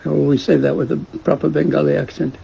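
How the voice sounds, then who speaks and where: A fairly high but flat, gravelly and husky male voice moves at a quick pace over a low-quality recording. He's teaching scripture, casually retelling a story, questioning the class gently and chuckling along the way.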